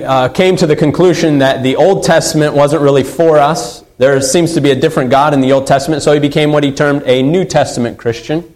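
Man, pastor, sermon, earnest, repeats key lines, fairly high voice. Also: a little mellow, poor audio.

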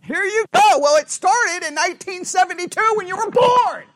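A man's voice: very high-pitched, animated, normal speed, a bit bright, no echo, pitched above the performer's own voice. A man voicing an exasperated wife who pulls out her list of grievances, sarcastic and pointed.

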